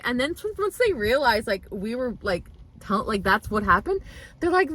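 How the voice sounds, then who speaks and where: A woman in her thirties telling a story in a casual vlog, chatty and animated, laughing often as she talks while moving around a room at home. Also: on the high side, moderate pace. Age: 30s. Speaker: vlogger.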